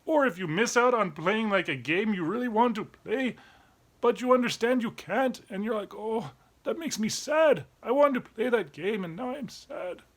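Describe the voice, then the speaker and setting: Kids' show dog host, young male, man performing, very high and lively, playful teacher. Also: moderate pace. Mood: playful, exaggerated. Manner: playful, acts out each emotion with sudden cries. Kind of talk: kids' educational explainer.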